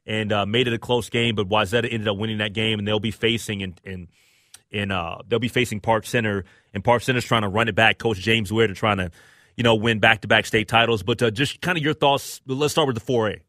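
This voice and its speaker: Man, radio show host, bright voice, dry close mic, casual conversational delivery. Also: a little fast, no room sound. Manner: conversational, agreeable, rises in pitch when excited.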